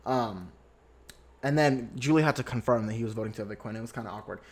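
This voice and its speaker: A man's voice: medium pitch, quick pace. A young man hosting a podcast, giving a sassy, gossipy recap of reality TV with lots of swearing and dramatic asides. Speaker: podcast host.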